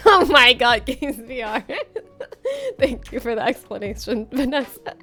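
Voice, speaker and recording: A woman's voice: sits high, very animated, normal speed, a bit bright, faint music behind. A woman from Florida, streaming a game and casually chatting with viewers, playful and laughing often as she reads chat aloud. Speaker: livestreamer.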